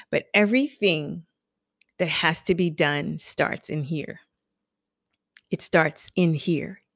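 Animated woman giving a motivational talk. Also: lowish voice, dry recording, studio quality. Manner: animated, conversational storytelling with affirmations. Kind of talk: personal anecdote and motivational talk.

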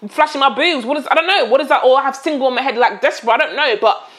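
A woman telling a story in casual chat, acting out the quoted dialogue in an animated way. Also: high voice, racing.

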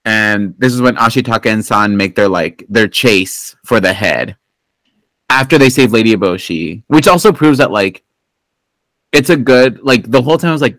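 A man's voice: fairly low pitch, moderate pace, a bit bright, no echo, poor audio. Rambling, profane male podcast host. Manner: rambling, profane, full of fillers and restarts. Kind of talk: casual movie recap chat.

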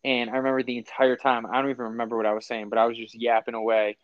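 A man's voice: medium pitch, level tone, racing, smooth, dry recording, narrow, tinny audio. A young man hosting a casual chat, telling rambling stories with slang and frequent laughs. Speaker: podcast host.

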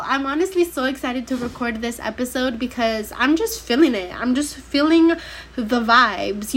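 A woman's voice: on the high side, lively intonation, moderate pace, fairly bright tone. A young woman hosting her own podcast in casual solo chat, a bit stuffy from a cold, talking in a slangy, emphatic way. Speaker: podcast host.

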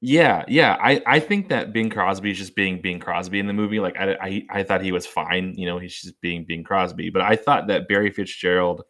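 A man co-hosting a casual film podcast, chatty and quick to laugh, acting out lines from scenes. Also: sits low, fairly bright tone. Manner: chatty, laughs often, acts out quotes. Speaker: podcast co-host. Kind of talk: casual movie discussion.

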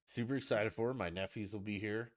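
A man's voice: lowish voice, steady tone, fast. A man hosting a casual solo podcast from the United States, ranting bluntly and swearing freely. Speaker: podcast host.

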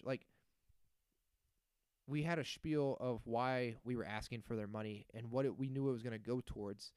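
A man's voice: medium pitch, no echo, clean studio sound. A man in his thirties hosting a solo podcast, ranting in a sarcastic, crude, casual way. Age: 30s. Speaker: podcast host.

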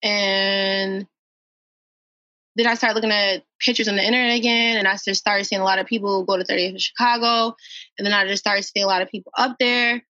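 A woman's voice: mid-range voice, steady tone, a little fast, sharp tone, dry recording. A woman from Minnesota, a guest on a podcast, telling a personal story in an earnest way and repeating phrases for emphasis. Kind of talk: emotional personal account. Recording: dull, dry podcast audio.

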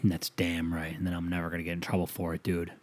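A man hosting a podcast, delivering a casual comedic monologue as a profane, rambling rant that swings between mumbled asides and loud outbursts. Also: low voice, monotone, quick pace. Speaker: podcast host.

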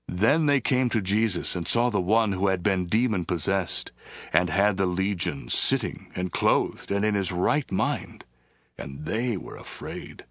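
Casting: a steady male narrator for a scripture audiobook, lowish voice, measured, dry booth sound. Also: no room sound. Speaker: scripture reader. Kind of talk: scripted Bible reading.

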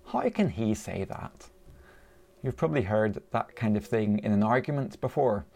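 A man's voice: lowish voice, animated, normal speed, gravelly, a little mellow. A man preaching a sermon in a conversational way, asking his listeners rhetorical questions.

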